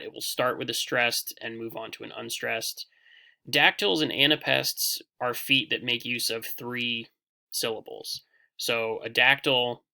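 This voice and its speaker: Bright, gravelly-voiced male lecturer. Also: medium pitch. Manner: relaxed explaining with frequent fillers and restarts. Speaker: teacher. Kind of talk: recorded poetry lecture over slides.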